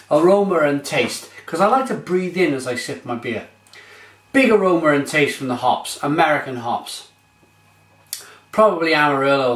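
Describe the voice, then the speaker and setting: A man's voice: on the high side, fairly bright tone, echoey room. Gushing man reviewing beer. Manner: gushing, exclamatory. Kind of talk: casual beer review vlog.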